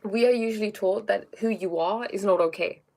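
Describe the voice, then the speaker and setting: A woman's voice: mid-range voice, a little fast, a little mellow. Female livestream host, spiritual talk, casual and chatty, tags lines with "okay?", greets viewers. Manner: often tags sentences with "okay?"; reads viewer comments aloud and greets them.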